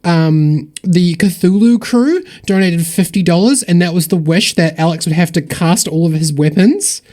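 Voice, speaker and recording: A man with a slightly high voice hosts a charity stream and reads out donors one after another. His delivery is upbeat and rambling, and he keeps thanking people. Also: normal speed, darkish tone. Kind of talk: casual livestream donation shout-outs.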